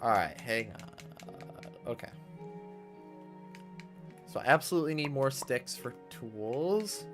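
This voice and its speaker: Chatty man with a lively pitch. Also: slow pace, pauses often. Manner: nostalgic, chatty, thinking aloud with restarts. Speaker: streamer. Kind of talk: casual gameplay commentary. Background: faint game music.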